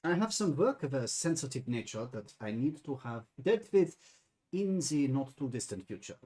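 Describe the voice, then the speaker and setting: Man voicing a discreet German banker in a tabletop game; husky, lively delivery, shaky put-on German accent. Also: mid-range voice, normal speed, pitched below the performer's own voice. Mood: formal. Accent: put-on German accent, drifting. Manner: formal, hesitant, discreet. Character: scheming male German banker, formal.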